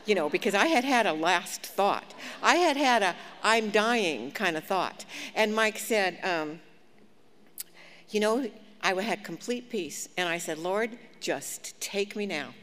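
A woman preaching a sermon, telling a personal story with lively, self-mocking humor. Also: medium pitch, unhurried. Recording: long hall reverb, faint background noise.

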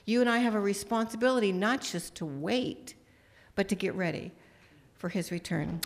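A woman's voice: medium pitch, steady tone, normal speed. A middle-aged woman giving a sermon, telling a personal story in a conversational way and acting out the dialogue. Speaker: speaker.

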